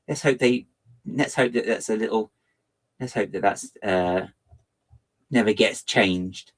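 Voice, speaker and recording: A man's voice: measured pace, pauses often. A man chatting playfully and self-mockingly while building on a livestream. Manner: lively, theatrical swings into high pitch. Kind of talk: casual livestream chat.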